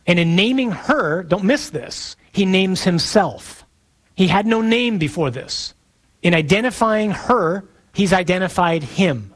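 A man preaching a sermon in a conversational, playful way, pausing for emphasis. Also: sits high, lively intonation.

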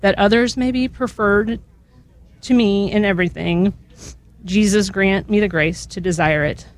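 A woman on a radio broadcast reads a long litany in a slow, earnest rhythm. Her pitch sits in a middle range, and the studio sound is dry and close. Her voice catches now and then with feeling. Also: no echo. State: emotional, voice catching. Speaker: radio guest. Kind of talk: prayer reading on radio.

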